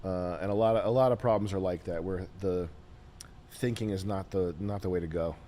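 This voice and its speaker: A man hosting a casual podcast, ranting with lots of swearing, then settling into quieter musing. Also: sits low, steady tone, brisk, a little hiss or hum. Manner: profane, emphatic, trailing into quiet musing. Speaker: show host.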